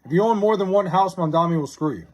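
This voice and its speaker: A man livestreaming from his house, casually chatting and reading out viewer comments, loose and profane, drawling joke names slowly. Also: sits high, a little mellow. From New York area.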